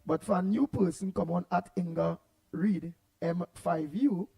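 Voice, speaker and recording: On a morning call-in program, a radio host with a Trinidadian accent greets callers by name and reads out their comments with passion. His voice sits high and gravelly at a measured pace, captured on poor audio. Though he keeps announcing he'll drop his volume, he stays loud and raised.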